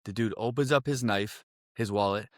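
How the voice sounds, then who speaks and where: Profane, animated man telling a story. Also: lowish voice, moderate pace, no room sound, clean studio sound. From Connecticut. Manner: animated, profane, repeats "I'm like" and "right?". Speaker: podcast guest. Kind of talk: casual storytelling.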